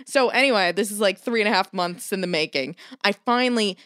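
A woman in casual chat who tells a story in an animated way, swears constantly and acts out the people she quotes. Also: medium pitch, a little fast, no echo, clean studio sound.

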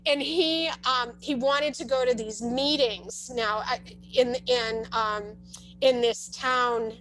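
A woman's voice: fairly high pitch, steady tone, slow, fairly bright tone, poor audio. A woman telling a long personal story as a parent, in casual talk with many restarts and asides. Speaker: parent sharing her experience.

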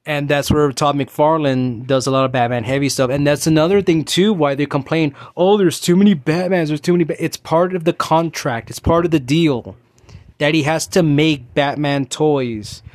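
A man's voice: fairly high pitch, fairly even intonation, normal speed, dry recording. Rambling, ranting man with a dry sound. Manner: rambling, ranting, with many restarts and fillers. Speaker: podcast host. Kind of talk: casual solo chat.

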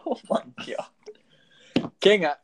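A man hosting a casual podcast, loose and profane, laughing often between remarks. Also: drawn-out words. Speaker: podcast host.

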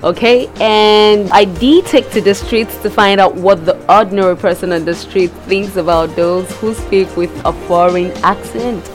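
A woman hosting a podcast, introducing listener responses in an unhurried, relaxed way. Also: medium pitch, soft background music. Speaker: podcast host. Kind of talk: casual podcast narration.

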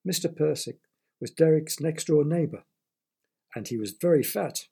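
Man reading a bedtime-type kids story, gravelly and kinda husky, chatty asides. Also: a little high, normal speed. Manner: gentle, playful asides to the listener.

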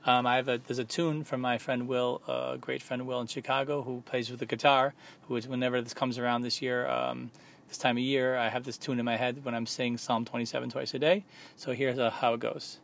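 A man hosting a podcast who gives a soft-spoken, unhurried religious teaching in a thoughtful tone. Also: mid-range voice, little pitch movement, vocal fry. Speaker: podcast host.

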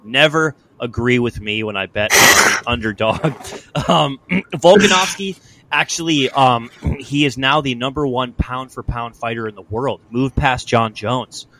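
A young man hosting a podcast, chatting casually about fights in a loose, profane, animated way. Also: medium pitch, a little slow. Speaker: podcast host. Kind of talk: casual sports chat.

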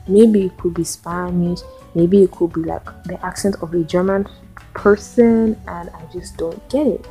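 A young woman with a Nigerian accent hosts her own podcast, venting with rhetorical questions. Her voice sits low and mellow, with a gravelly fry running through it. Faint music plays underneath. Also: animated, a little slow. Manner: ranting, exasperated rhetorical questions. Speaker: podcast host. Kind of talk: solo podcast monologue.

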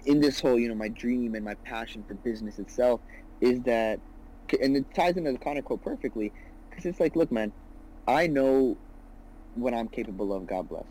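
A man's voice: mid-range voice, normal speed, dark tone, slight background noise, rough recording. A man in his twenties talking as a guest about his business, earnest and rambling, with lots of "you know" and "right". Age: 20s. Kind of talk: casual podcast conversation.

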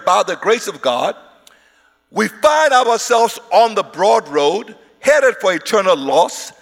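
High-voiced man preaching in a reverberant hall. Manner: emphatic, repeats words, rises into shouts. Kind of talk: sermon.

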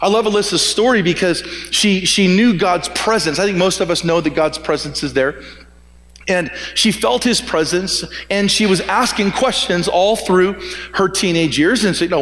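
A man's voice: high voice, moderate pace, fairly bright tone. A man preaching a sermon as pastor, in a conversational storytelling way that often restarts and repeats words. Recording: echoey hall with long reverb.

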